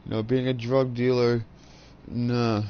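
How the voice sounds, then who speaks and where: A man's voice: medium pitch, little pitch movement, unhurried, dull audio, slight background noise. A man in his thirties chatting casually while gaming, a profane, rambling storyteller on a headset. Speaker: gaming channel host.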